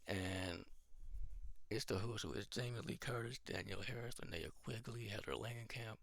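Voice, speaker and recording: Low gravelly man pitching film ideas. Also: moderate pace, a bit bright. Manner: rambling, thinks aloud with fillers and restarts. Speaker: YouTube channel host. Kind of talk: casual rambling film-idea pitch.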